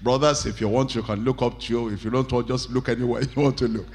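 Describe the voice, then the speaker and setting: A male pastor preaching a sermon, reading scripture slowly and acting out angry bosses and pleading wives. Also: fairly even intonation. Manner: acts out quoted bosses and wives, shouting high and pleading soft; reads scripture slowly and deliberately.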